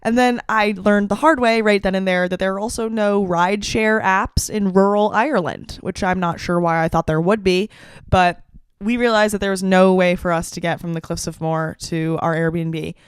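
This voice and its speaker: A young woman in her twenties tells a travel story for her comedy podcast, animated and self-mocking, with frequent swearing. Her voice is smooth and clear at a middle pitch. She sits close to the mic in a dry, dead room. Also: normal speed, dry recording. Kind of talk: storytelling monologue.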